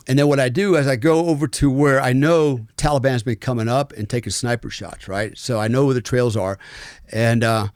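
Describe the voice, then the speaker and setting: Frank American ex-soldier telling war stories. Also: male voice, medium pitch, darkish tone, dry recording, clean studio sound. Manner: frank, rambling, many fillers and restarts. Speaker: former special forces soldier, podcast guest. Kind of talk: storytelling in a conversational interview.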